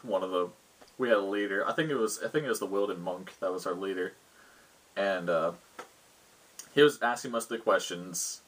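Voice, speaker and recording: Husky man retelling his tabletop game. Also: lowish voice, moderate pace, fairly bright tone. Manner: rambling, loose storytelling. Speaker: game master recounting a session. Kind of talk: casual recounting of a tabletop game.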